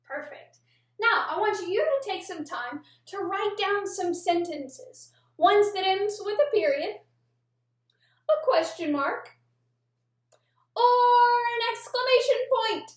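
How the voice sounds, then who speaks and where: A young woman teaching a children's movement lesson, speaking slowly and deliberately, word by word. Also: very high-pitched, lively intonation. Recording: echoey room, mic far off.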